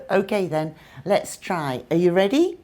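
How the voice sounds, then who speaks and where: A woman with a British accent teaching English pronunciation, modelling sounds clearly and carefully. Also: fairly low pitch, big pitch swings, slow, a little mellow, soft background music. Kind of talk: pronunciation lesson.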